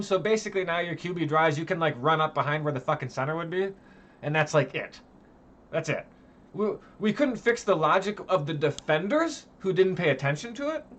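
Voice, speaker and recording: A fed-up young gaming host vents in a profane, sarcastic rant. His voice sits a little high for a man, and his outbursts swing hard between loud and low. He sounds worn out and exasperated. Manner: angry, swearing, sarcastic, swinging between shouting and muttering. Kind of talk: profane ranting commentary.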